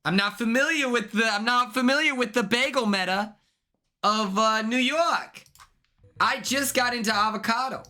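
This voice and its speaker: A man live-streaming, chatting and gaming in an excitable, rambling way that repeats itself. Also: very high voice, moderate pace.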